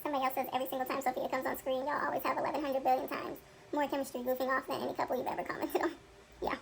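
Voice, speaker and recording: High, gravelly-voiced woman reading comments. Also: little pitch movement, very fast, slight background noise, poor audio. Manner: chatty, laughs often between comments. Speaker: reaction video co-host.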